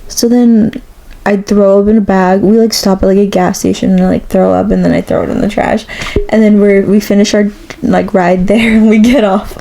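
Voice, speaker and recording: A woman's voice: medium pitch, fairly even intonation, normal speed, gravelly, warm tone, poor audio. Giggly young woman telling a story. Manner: giggly storyteller, many likes and restarts. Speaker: podcast co-host. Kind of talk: casual chat.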